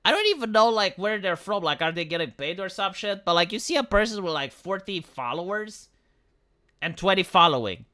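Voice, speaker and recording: Bright-voiced man ranting on a stream. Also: sits high, lively intonation, fairly quick. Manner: rambling, profane, mocking. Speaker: livestreamer. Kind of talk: casual livestream rant.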